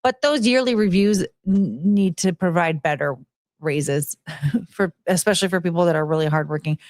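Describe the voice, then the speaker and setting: A woman's voice: lowish voice, moderate pace, a little mellow, no room sound, clean studio sound. Blunt, rambling woman podcast host. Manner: rambling storytelling with fillers and restarts, frank and blunt. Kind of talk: casual monologue about past jobs.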